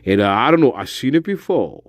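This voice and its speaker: A man's voice: medium pitch, sing-song, fairly quick, no room sound, studio quality. A man hosting a live video, rambling in a loose monologue, swearing freely and chuckling as he trails off and restarts. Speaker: live stream host.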